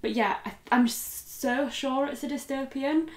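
A woman's voice: sits high, a little slow, echoey room, a little hiss or hum. A young woman co-hosting a book readalong, chatting casually with lots of fillers and giggles. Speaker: co-host of a book readalong channel. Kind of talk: casual chat.

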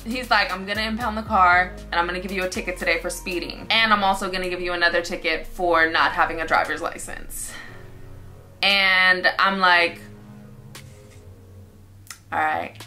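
Bright-voiced young woman telling a story. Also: on the low side, normal speed, long pauses, faint music behind. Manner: animated storytelling, acting out quotes. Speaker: vlogger. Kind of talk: storytime vlog.

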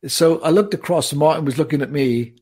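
A man guesting on a podcast, telling an animated story and acting out the people in it. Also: a little high, a little fast, breathy edge. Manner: animated storyteller, acts out voices. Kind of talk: casual storytelling chat.

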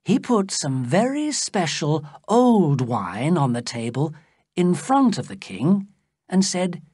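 A woman narrates a story for learners at an unhurried, careful pace. Her voice sits low and husky, with a lively rise and fall. The sound is dry and close. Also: no room sound. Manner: slow, careful and expressive reading. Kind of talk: scripted narration for English learners.

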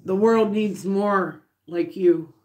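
A woman's voice: mid-range voice, slow pace, noisy background. A middle-aged woman, chatting casually on a home livestream while baking and reading viewer comments aloud. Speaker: livestream host.

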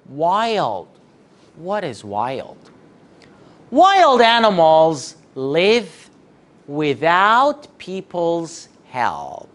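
Slow, lively male teacher drilling children. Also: a little high. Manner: slow, drawn-out call-and-response drilling; cheerful praise, sometimes sings prompts. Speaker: English teacher. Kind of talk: online class for young children.

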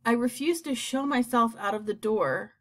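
A woman reading aloud and voicing a vain, fussy male centipede who shouts his complaints. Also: fairly high pitch, normal speed, natural voice. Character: bossy boastful male centipede.

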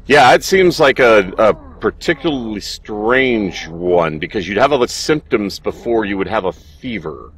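A young man commentating his own horror game playthrough in a casual, animated way, cursing and laughing at his mistakes, with allergies that make him clear his throat. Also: fairly low pitch, a little slow, few pauses, a little hiss or hum. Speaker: gaming streamer. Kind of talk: casual let's play commentary.

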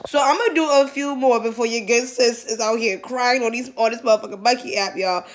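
A young woman from Massachusetts chatting casually on a phone video app, slangy, profane and quick to giggle. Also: a little high. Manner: giggly, slangy, profane, talks straight to viewers. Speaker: vlogger.

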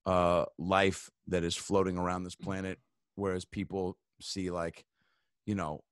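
On a laid-back podcast, the guest comedian's bits wander and ramble, heavy on curse words and filler. He speaks a little slowly in a smooth, low-pitched, level voice, and the studio recording is clean with no room sound.

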